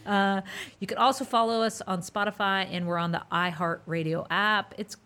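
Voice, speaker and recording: A woman co-hosting a podcast in casual chat, animated and gushing with quick bursts of enthusiasm. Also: medium pitch, clean tone. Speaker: podcast co-host.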